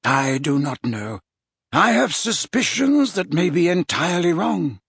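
A man voicing a wise elderly male wizard headmaster, speaking in a calm, measured, deliberate way in an audiobook reading. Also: on the high side, creaky, slightly rough, no room sound, clean studio sound, voice pushed up, full character voice. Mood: grave.

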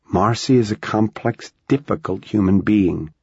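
A man narrating an audiobook in a calm, steady storytelling voice with a gravelly, husky sound, on a dull, dry recording. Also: fairly low pitch, measured pace, no echo. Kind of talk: scripted narration.

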